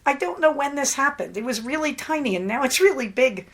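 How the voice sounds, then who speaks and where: A podcast host recounts a story in a relaxed solo monologue, speaking a little fast in a high female voice. She stays animated, laughs a lot, and imitates the people she's quoting.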